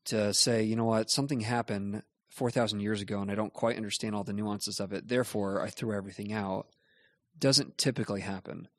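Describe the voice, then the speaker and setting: A man, a pastor, explaining Bible questions in a measured, earnest way. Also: on the low side, steady tone, dry recording. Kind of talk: Bible teaching in a question-and-answer show.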